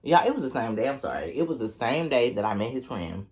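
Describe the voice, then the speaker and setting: Profane, animated young man telling a story. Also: mid-range voice, fast talker. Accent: Oklahoma. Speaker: vlogger. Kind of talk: storytime mukbang.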